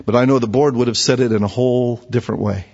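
A man's voice: mid-range voice, steady tone, fast talker, darkish tone. A man preaching a sermon as pastor, conversational, with rhetorical questions and repeated words. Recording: dull, echoey church hall recording.

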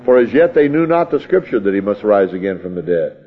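Over narrow, tinny audio, this preacher's lowish, husky voice is very animated and brisk. His sermon teaching is folksy: he reads scripture, retells and acts out the scene in his own words, and chuckles.

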